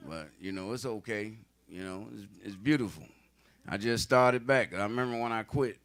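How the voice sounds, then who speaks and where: A man's voice: on the low side, moderate pace, a bit bright, smooth. A man doing a stand-up comedy set, telling stories in a loose, profane, conversational way.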